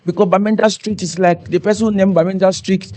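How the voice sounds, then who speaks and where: High-voiced Cameroonian Pidgin joker. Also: male voice, fairly even intonation, fast, warm tone, low-quality recording. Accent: Cameroonian Pidgin English. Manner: joking, breaks into snatches of hymns. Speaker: event entertainer and fundraiser. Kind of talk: live stand-up comedy.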